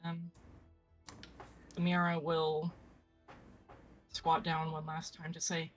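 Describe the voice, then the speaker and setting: A woman's voice: deep voice, completely flat delivery, slow pace, long pauses, soft background music, low-quality recording. A woman playing a tabletop game, hesitant and thinking aloud. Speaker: player.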